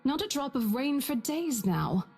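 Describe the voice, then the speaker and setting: A woman's voice: high voice, sing-song, measured pace, a little mellow, faint music behind, exaggerated voice. An actress voicing an apologetic estate agent woman in a game, placating and soothing. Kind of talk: voiced game dialogue.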